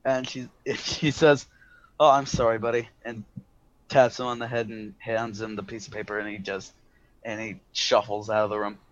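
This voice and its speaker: A man narrating a tabletop game as game master, rambling with many pauses and restarts. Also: lowish voice, little pitch movement, dry recording. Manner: rambling, full of fillers and restarts. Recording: dull lo-fi, dry.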